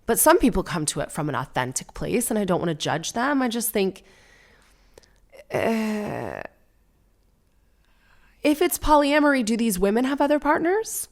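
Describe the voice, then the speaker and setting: A woman's voice: a little high, very animated, a little fast, hardly any pauses. A woman in her thirties hosting a podcast, chatting casually and sardonically, with mocking put-on voices. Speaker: podcast host. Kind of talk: casual solo comedy chat.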